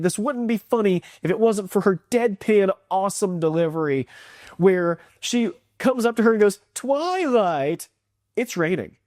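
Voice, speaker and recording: Casting note: chatty, enthusiastic host reviewing a cartoon, mid-pitched, dry and close to the mic. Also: darkish tone, no echo. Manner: enthusiastic, rambling, acts out quotes. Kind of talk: casual video review.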